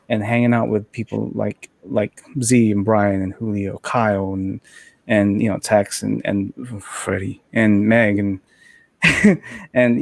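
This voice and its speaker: Gravelly man rambling casually. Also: lowish voice, no echo. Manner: rambling, many fillers and restarts. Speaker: panelist. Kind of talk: casual panel chat over a call.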